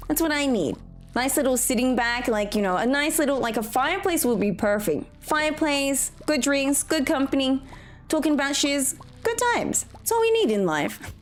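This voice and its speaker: A woman's voice: sits high, expressive, moderate pace, soft background music. A young Australian woman streaming a farming game, chatting casually with a giggly, rambling manner. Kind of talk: casual chat while gaming.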